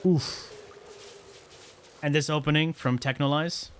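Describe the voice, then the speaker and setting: A man streaming live, chatting casually in a rambling, excitable way with quick blunt opinions. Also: a little high, background noise.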